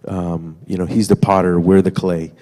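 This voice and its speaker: Speaking as a guest in a church sanctuary, a man shares a testimony with his wife, chatting comfortably with the congregation, using fillers and little asides to them. His low voice is level and mellow at a normal speed, in a reverberant recording.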